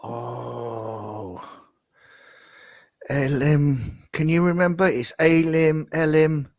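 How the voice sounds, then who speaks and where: A man on a quiz panel, animated and exclaiming as he tries to recall answers. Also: a little high, extremely slow, no room sound, studio quality. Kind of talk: casual quiz chat.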